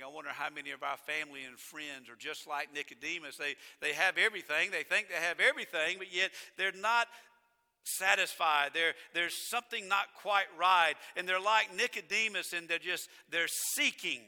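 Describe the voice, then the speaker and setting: A male pastor preaching a sermon, emphatic, repeating phrases and slowing right down to stress key words. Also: on the high side, sharp tone. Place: church sanctuary. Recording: long church reverb.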